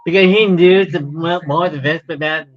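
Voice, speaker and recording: Casting: terse co-host, slightly high voice, dull call sound. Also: male voice, fairly even intonation, moderate pace, faint music behind. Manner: blunt, short replies. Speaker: livestream co-host. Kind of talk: casual wrestling chat. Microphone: video call.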